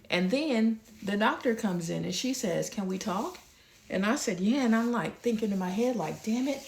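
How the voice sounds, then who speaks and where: A woman's voice: on the low side, vocal fry. A woman in her thirties telling a personal story straight to her viewers, candid and casual.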